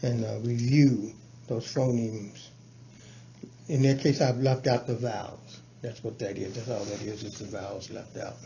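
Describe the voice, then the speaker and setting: Guy teacher walking a coworker thru his lesson plan, lots of ums, dark mellow voice, kinda dull recording. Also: fairly even intonation, vocal fry. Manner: halting, many restarts and fillers, breaks into chanted syllables and sung verses. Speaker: teacher mentoring a colleague. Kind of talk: casual explanatory talk on lesson planning. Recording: dull low-fi with faint background noise.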